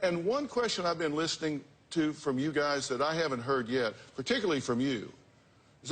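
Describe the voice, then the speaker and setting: Blunt, forceful male talk show host. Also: a little high, animated, a little fast, breathy edge. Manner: forceful, direct, lecturing.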